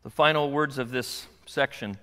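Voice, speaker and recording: An older man, a pastor, preaching a sermon to his congregation, animated and acting out the voices of his kids and wife. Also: medium pitch, moderate pace, long reverb tail. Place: church sanctuary.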